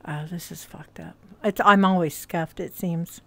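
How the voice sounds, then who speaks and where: A woman streamer in a VR headset chats with her viewers at an unhurried, drawn-out pace. She mutters and swears to herself while sorting out her setup, then brightens up to greet her chat. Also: on the low side, fairly even intonation, no echo. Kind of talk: casual live-stream chat.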